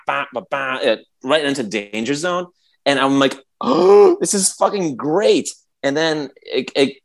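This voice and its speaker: A man in casual podcast chat, rambling with many restarts as he tells a story, acting out quotes and sound effects. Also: lowish voice. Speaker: podcast co-host.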